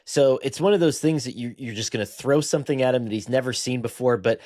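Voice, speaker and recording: A man guesting on a sports podcast, breaking down plays with excited, animated analysis. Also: mid-range voice, fast, no room sound, clean studio sound. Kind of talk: casual sports podcast chat.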